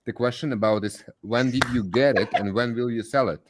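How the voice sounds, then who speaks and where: A man co-hosting a livestream, speaking earnestly and a little haltingly. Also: medium pitch. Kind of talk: casual livestream chat.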